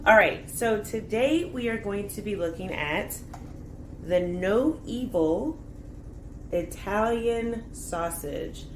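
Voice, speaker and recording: A woman's voice: mid-range voice, takes it slowly, hardly any pauses, a little hiss or hum. A woman hosting a casual food label review in her kitchen, chatty with jokey asides. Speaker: fitness and nutrition channel host. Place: home kitchen.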